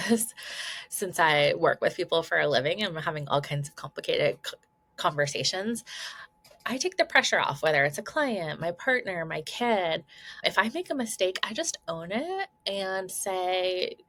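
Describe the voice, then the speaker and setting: A woman's voice: on the low side, fairly bright tone. A woman parenting coach giving casual advice to camera, chatty and laughing often, checking in with listeners as she goes.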